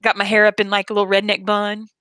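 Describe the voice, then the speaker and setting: A woman's voice: medium pitch, completely flat delivery, quick pace, sharp tone, dry recording. Brash, joking woman on a video call. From Atlanta area, US. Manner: brash, joking, swears freely. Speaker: host of a late-night video chat. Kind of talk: casual chat.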